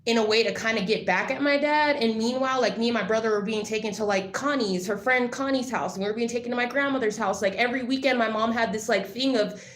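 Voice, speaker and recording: A woman's voice: a little high, fast talker, a bit bright. Rambling woman vlogger in an echoey room. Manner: rambling, filler-heavy with frequent "like"; blunt, swears freely. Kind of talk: casual storytelling to camera. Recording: roomy echo.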